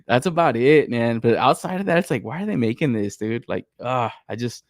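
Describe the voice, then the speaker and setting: A man's voice: medium pitch, animated, a little fast, no echo, clean studio sound. Laid-back, cursing toy-show host guy. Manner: loose, profane, laughs often. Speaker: podcast host. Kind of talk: casual toy-news commentary.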